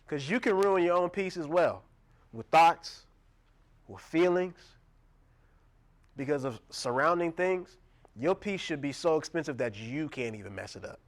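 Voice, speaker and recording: Animated young man preaching, raised voice. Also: a little high, measured pace, pauses often. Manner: animated, laughing, acts out quoted voices. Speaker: pastor. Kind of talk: sermon.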